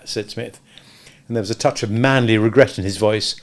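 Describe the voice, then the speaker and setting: A man's voice: on the low side, moderate pace, gravelly. A man narrating a comic novel in a genteel, droll style, giving the hero a suave, grand manner. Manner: genteel, droll, lively character voicing. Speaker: audiobook narrator. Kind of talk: scripted narration.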